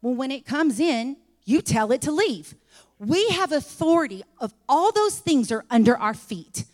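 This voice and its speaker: A woman preaching a sermon in a church, fervent and repetitive, rising to shouts. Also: sits high, sing-song, unhurried, big-room sound.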